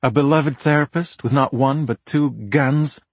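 A no-nonsense woman detective giving firm, direct orders, as a male audiobook narrator reads her. The voice is husky and dry. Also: mid-range voice, a little slow, dry recording, pitched above the performer's own voice. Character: brisk female police detective.

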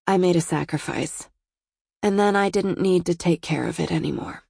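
A woman voicing a wary, self-contained woman with a measured, plain delivery. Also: on the low side, vocal fry, darkish tone, breathy edge, dry recording, clean studio sound. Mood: guarded.

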